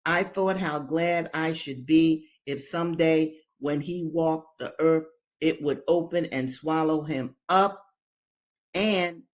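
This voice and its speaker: Slow, emphatic woman reader. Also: sits low, darkish tone. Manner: emphatic, talks directly to listeners. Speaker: reader and commentator. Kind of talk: reading a slave narrative aloud with commentary.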